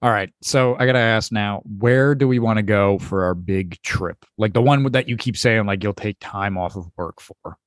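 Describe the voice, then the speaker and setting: A man's voice: lowish voice, normal speed, hardly any pauses, no echo, studio quality. A young American man hosting a podcast, chatting casually, sarcastic and swearing freely. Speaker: podcast host. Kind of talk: casual chat.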